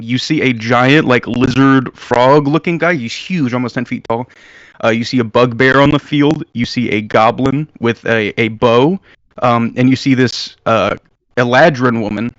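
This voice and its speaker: A man's voice: medium pitch, no room sound, lo-fi sound. A man narrating as game master in a casual, filler-heavy way.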